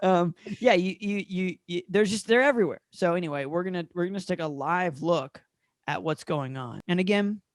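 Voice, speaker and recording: A man's voice: high voice, moderate pace, dry recording. Dry, jokey male podcast co-host. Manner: laughs often, loose and jokey. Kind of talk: casual podcast chat.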